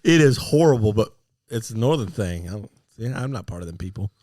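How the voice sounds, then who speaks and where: A man's voice: on the low side, brisk, dark tone, dry recording. A young man co-hosting a casual podcast chat, joking and teasing and laughing often. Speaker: podcast co-host.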